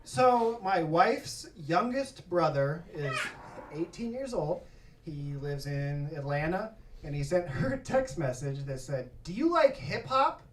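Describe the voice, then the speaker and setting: A man's voice: on the high side, animated, takes it slowly, crowd noise. A man doing stand-up, telling a long story in a profane, self-mocking way on a comedy club stage. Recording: roomy live club from a distance. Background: audience laughter.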